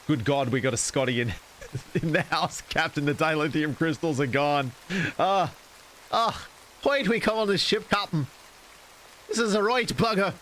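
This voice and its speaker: A man's voice: medium pitch, normal speed, slight background noise, natural voice. A man voicing a flustered male starship engineer with a put-on Scottish accent that slips toward Irish.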